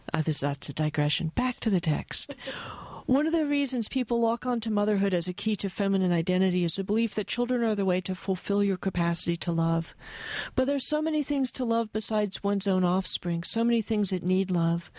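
An American woman reads from her own essay in a flat, wry voice, breaking off into thoughtful asides. She sits in a mid-range pitch, and the sound is dry with little room echo. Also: fairly quick. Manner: thoughtful, wry, given to digressions. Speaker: author. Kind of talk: reading her own essay, then conversation.

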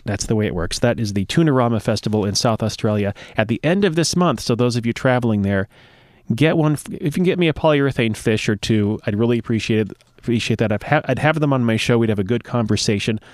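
A man's voice: medium pitch, animated, quick pace, no room sound, studio quality. A man hosting a show, reading a news item aloud and breaking off with playful, self-mocking jokes. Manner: playful, self-mocking, ad-libs between read lines. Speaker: show host. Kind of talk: casual news reading with joking asides.

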